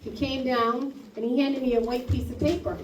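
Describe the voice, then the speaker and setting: A woman speaking at a school library ceremony, telling a lively anecdote and acting out the quoted dialogue. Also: high-pitched, moderate pace. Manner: storytelling, acts out quoted dialogue. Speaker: school staff hosting a ceremony. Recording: echoey room from far off, faint noise.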